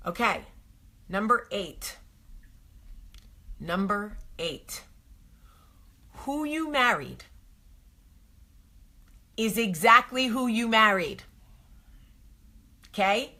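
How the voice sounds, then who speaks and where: Emphatic, bright-voiced woman vlogger. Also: mid-range voice, lively intonation, very slow, long pauses. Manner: emphatic, repeats points, acts out quotes. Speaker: vlog host giving marriage advice. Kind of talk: casual to-camera advice talk.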